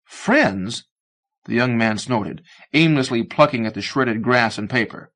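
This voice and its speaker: A man narrates a short story for an audiobook, reading from a script in a measured, expressive way. His pitch is medium.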